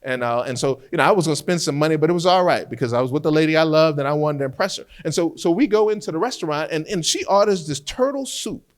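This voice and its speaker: A man teaching trial skills as a defense lawyer, an animated storyteller who often repeats words as he restarts a thought. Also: fairly high pitch, quick pace, few pauses. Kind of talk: lecture with courtroom storytelling.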